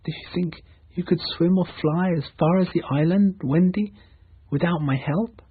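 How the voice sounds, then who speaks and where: A bold, cheerful boy hero from a storybook, as a male reader puts him on, pitched up and calling out. The husky tone comes through a thin, phone-like recording. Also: normal speed. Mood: urgent. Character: boastful cheerful boy hero Peter Pan. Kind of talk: storybook reading for learners.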